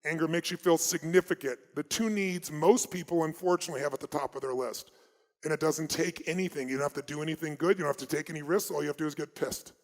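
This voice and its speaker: An American man telling stories at a motivational seminar, emphatic and dramatic, swinging between loud and hushed delivery. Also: fairly high pitch, quick pace. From United States. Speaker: motivational speaker. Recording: long reverb of a large hall.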